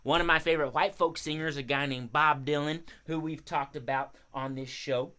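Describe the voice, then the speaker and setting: A man hosting a live children's music show, chatting casually and giving shout-outs to young viewers. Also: a little high, fairly even intonation, moderate pace. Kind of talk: casual live-stream chat for kids.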